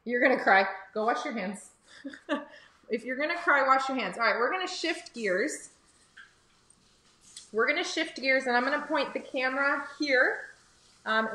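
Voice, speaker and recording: A woman's voice: fairly high pitch, bright, forceful tone, reverberant. A woman hosting a live cooking lesson for kids from a home kitchen, chatty and encouraging as she talks to viewers. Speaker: cooking teacher and livestream host. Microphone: phone or camera on livestream.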